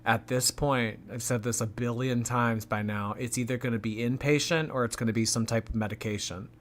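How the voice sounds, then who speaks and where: A man's voice: medium pitch, fairly even intonation, fairly quick, a bit bright, slight background noise. A man hosting a reaction commentary, making dry, mocking asides about the clips he plays. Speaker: commentary channel host.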